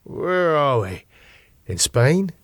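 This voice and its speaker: A man voicing a groggy, indignant man who has just woken up drugged, talking in a slurred but sharp, demanding way, higher than his own voice. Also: very animated, drawn-out words, no room sound, full character voice.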